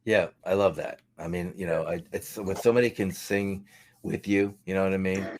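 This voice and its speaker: A man's voice: sits low, fairly even intonation, normal speed, a little mellow. A man from New York, a guest musician, talking in a casual, rambling way full of "you know". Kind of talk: casual podcast chat.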